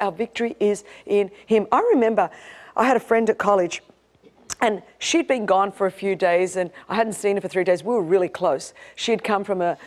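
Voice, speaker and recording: An Australian woman in her fifties preaching a sermon, passionate and emphatic, moving between rousing declarations and quieter storytelling. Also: medium pitch.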